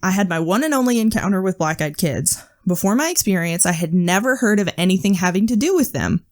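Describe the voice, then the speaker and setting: A woman's voice: medium pitch, animated, fairly quick, darkish tone. A woman co-hosting a podcast, telling creepy stories in a casual way, with frequent swearing and nervous laughs. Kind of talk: casual storytelling chat.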